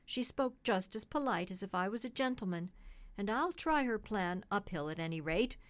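A woman voicing a blunt working-class male carter with a rough, gruff manner. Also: medium pitch, lively intonation, moderate pace, close to an everyday voice.

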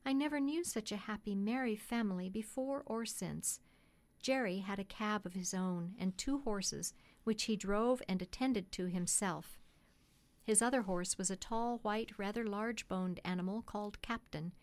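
A woman narrating a classic storybook in a steady, gentle, measured way. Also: medium pitch. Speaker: audiobook narrator.

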